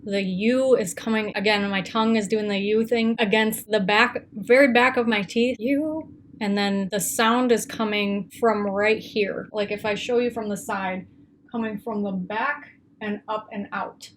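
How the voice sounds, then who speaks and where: A woman's voice: mid-range voice, steady tone, moderate pace, hardly any pauses, a little hiss or hum. A young woman casually explaining singing technique in a chatty tutorial, with lots of fillers.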